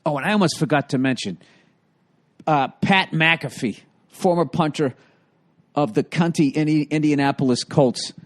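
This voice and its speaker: A man hosting a podcast, riffing through a comedic monologue full of swearing and asides. His pitch sits a bit high for a man. He talks loosely and wanders through his stories. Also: moderate pace. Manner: profane, rambling storytelling. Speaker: podcast host.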